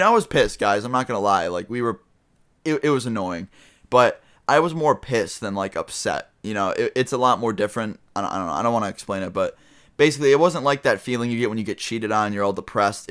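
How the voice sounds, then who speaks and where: A man's voice: on the low side, expressive, fairly quick, a bit bright, smooth. A young man telling a casual storytime vlog, rambling with lots of fillers and swearing. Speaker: vlogger.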